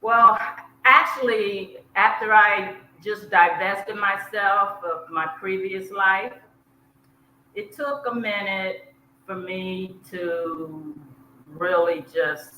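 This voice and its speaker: A woman with a Southern US accent chats slowly and easily as a podcast guest, often laughing at her own slips. Her voice is bright and clear. She sounds like she is in an echoey room, with a faint hiss underneath. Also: mid-range voice, steady tone. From South Georgia, US. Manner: unhurried, chatty, laughs at herself. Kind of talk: casual interview chat.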